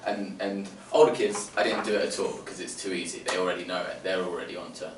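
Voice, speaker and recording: A man's voice: low-pitched, steady tone, fast. Man explaining phonics in a roomy space. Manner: explanatory, sounds out letters and gestures. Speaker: phonics teacher presenting to other teachers. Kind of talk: teacher training presentation. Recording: roomy, distant mic, faint room noise.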